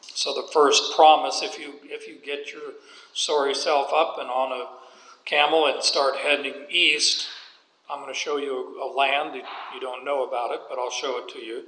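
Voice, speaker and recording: A man's voice: mid-range voice, flat delivery, moderate pace, bright, forceful tone. A man preaching a sermon, walking through scripture with folksy, joking asides. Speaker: pastor. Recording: echoey hall with long reverb.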